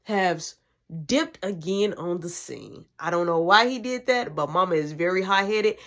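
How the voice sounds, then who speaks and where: Animated young woman telling a story. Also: lowish voice, a little slow. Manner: animated, slangy, profane, acts out voices. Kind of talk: casual storytime vlog.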